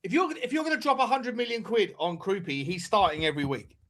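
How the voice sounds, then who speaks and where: A man hosting a casual football fan chat, animated and talking over others, swearing freely. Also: high-pitched, quick pace. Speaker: host.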